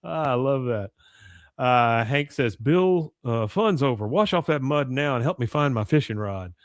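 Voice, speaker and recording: A man in casual conversation walks through an episode scene by scene, quoting the characters and laughing along. His voice sits at an ordinary middle pitch. The sound is dry and close, with no room around it. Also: expressive, normal speed, dry recording. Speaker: podcast host recapping an episode. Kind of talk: casual chat.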